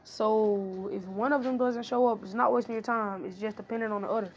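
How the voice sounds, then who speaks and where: A woman voicing a calm adult male ninja teacher who explains things with mild pride. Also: mid-range voice, fairly quick, muffled recording, a little hiss or hum, natural voice. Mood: calm explaining.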